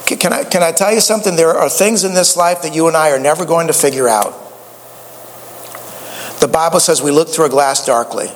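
A man's voice: a little high, brisk, big-room sound, a little hiss or hum. A man preaching a sermon, a folksy storyteller who often stammers and restarts his sentences. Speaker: pastor.

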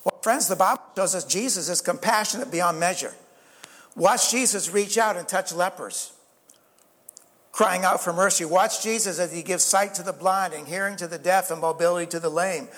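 A man delivers an earnest sermon in a high register, asking the congregation question after question and calling for amens. His voice rings with the long reverb of a large hall. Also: moderate pace, a bit bright. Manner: earnest preaching with rhetorical questions and call-outs of amen. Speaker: pastor.

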